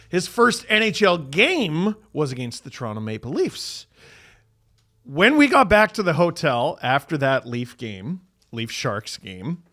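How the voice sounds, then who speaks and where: Playful man telling a story, higher voice. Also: sharp tone. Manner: playful, acts out quotes. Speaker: podcast co-host. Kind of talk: casual storytelling.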